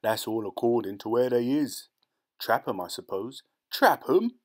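A man voicing a sly, scornful ratcatcher who talks with rough grammar, boastful and secretive, in a storybook reading. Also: on the low side, moderate pace, a little mellow, natural voice. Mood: disgusted.

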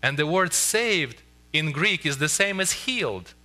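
A man preaching a sermon as pastor in a church, earnest and pleading, slowing down for emphasis. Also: fairly high pitch, lively intonation, sharp tone. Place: church sanctuary.

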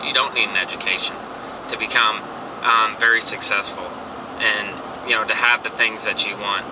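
A man's voice: on the low side, fairly even intonation, normal speed, gravelly, distant mic. Rambling man vlogging from his car. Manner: rambling, earnest, restarts often. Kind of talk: casual motivational rant. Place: in a car and outdoors. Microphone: handheld camera. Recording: noisy car and street background.

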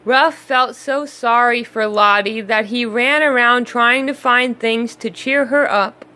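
Woman, children's read-aloud narrator; bright, slow, expressive. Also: on the high side. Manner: expressive and unhurried. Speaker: children's story reader.

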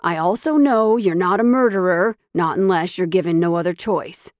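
A woman's voice: fairly low pitch, normal speed, no room sound, clean studio sound, lightly acted. Woman voicing a teasing male best friend. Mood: calming. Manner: calming, joking.

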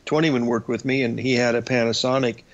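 Older male radio host, gravelly, telling meandering anecdotes over dull lo-fi audio. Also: mid-range voice, level tone, quick pace. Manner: rambling anecdotal storytelling with fillers. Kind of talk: storytelling on a radio show.

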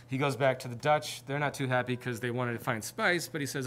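A man's voice: mid-range voice, fairly even intonation, brisk, hardly any pauses, a bit bright, a little hiss or hum. A man presenting a seminar, telling history in an informal, conversational way. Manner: conversational storytelling. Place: presentation with slides.

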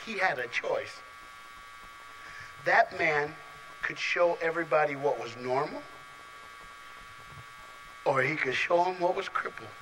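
A high-voiced man with a bright, ringing tone preaches to a packed youth crowd in a large hall. He teases and calls on listeners, dropping to soft asides and then rising to shouts. A faint hum sits under his voice. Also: slow pace, long pauses. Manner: playful, calls on audience members, swings from quiet to shouting. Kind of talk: lively youth sermon. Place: large hall with a live audience.

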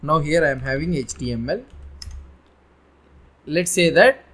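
A man's voice: fairly high pitch, expressive, a little slow, a bit bright, a little hiss or hum. A man giving a coding tutorial, explaining in an informal, meandering way with frequent restarts and repetitions. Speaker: web development instructor. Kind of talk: coding tutorial, screen-share lesson.

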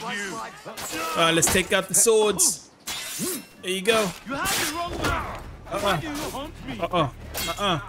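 A man giving casual, excitable commentary while he plays a video game, often laughing and talking to himself. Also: sits high, very slow, pauses often. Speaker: gaming channel host. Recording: voice over loud game music.

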